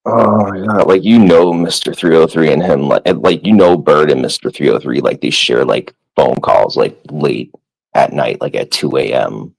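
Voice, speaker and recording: A man's voice: rumbling low, normal speed, creaky, husky, low-quality recording. A man telling a story on a casual live stream, laughing constantly as he talks and rambling with a lot of "like" between words. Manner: laughs constantly while talking; rambling, heavy use of "like".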